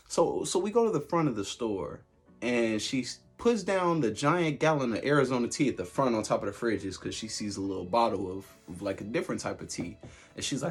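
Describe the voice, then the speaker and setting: A young man in a casual storytime vlog, animated and heavy on fillers. His voice sits at a middle pitch with a husky grain. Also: a little fast, soft background music. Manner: animated, laughing, lots of filler words. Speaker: vlogger.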